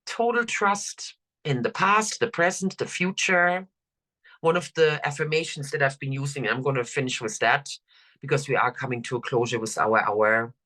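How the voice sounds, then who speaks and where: A woman's voice: sits low, fairly bright tone. Soothing older woman coach. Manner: slow, soothing, drawn-out phrasing. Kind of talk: guided affirmation talk.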